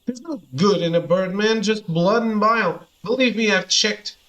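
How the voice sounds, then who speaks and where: A man's voice: high voice, normal speed, a bit bright. A man voicing a brutal mercenary leader who makes crude, growling threats. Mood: menacing.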